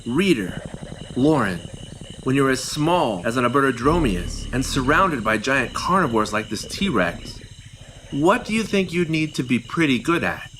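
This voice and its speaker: Man playing an upbeat paleontologist, lively pitch, bright voice, teacherly, faint hiss behind. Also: a little slow, poor audio. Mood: explaining. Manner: explaining, enthusiastic teacher tone. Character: enthusiastic adult male paleontologist guide.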